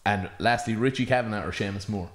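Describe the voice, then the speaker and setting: A man's voice: on the low side, fast. An Irish man hosting, firing off teasing questions and laughing a lot in casual chat. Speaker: host. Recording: echoey room, faint noise.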